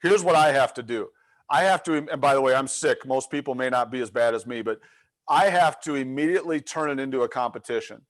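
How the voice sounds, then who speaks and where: A brisk, medium-pitched male voice belongs to a middle-aged leadership coach giving a webinar. He tells his story with animation and acts out each quoted line.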